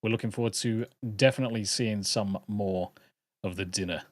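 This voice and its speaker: A man's voice: on the low side, steady tone, normal speed, no echo, studio quality. A British man hosting a livestream, chatting casually to viewers in a rambling, jokey way and swearing freely. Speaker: livestream host.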